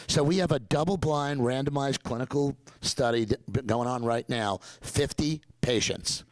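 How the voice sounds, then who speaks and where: A man's voice: medium pitch, normal speed, few pauses, dry recording, rough recording. An older man, a dentist guest, talking in an enthusiastic, digressive, storytelling way and slipping into mock accents when quoting people. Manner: energetic, digressive, slips into mock accents for quotes.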